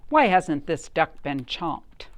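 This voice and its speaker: A pack of fierce storybook lions growling in a low, unhurried, menacing way, voiced by a woman reading a picture book aloud. The words come slow and loud. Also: big pitch swings, no echo, full character voice.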